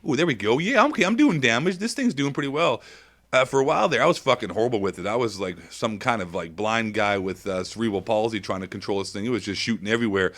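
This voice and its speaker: A man giving crude, comedic gameplay commentary, hyper and swinging between squeaky highs and low mutters. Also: lively intonation, quick pace, a bit bright.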